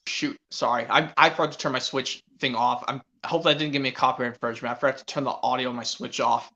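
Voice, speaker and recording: A man chatting casually on a stream as a guest, speaking quickly with hesitant restarts. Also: medium pitch, steady tone, sharp tone. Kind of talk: casual chat. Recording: lo-fi online voice chat.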